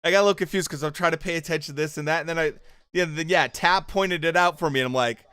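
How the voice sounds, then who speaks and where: A man's voice: on the high side, fast, bright, forceful tone, clean tone, no echo. A man hosting a fight-show watchalong stream, chatting casually with viewers and reacting to the episode as it plays. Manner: chatty, reacts to chat and the show with loose fan talk. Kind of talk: casual livestream commentary.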